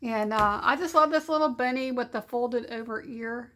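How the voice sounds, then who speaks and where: Bubbly lady vlogging at home, high voice, giggles a lot. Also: normal speed, a bit bright, a little hiss or hum. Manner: bubbly, giggly, sweet-talking. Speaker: papercraft channel host. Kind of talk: casual vlog chat.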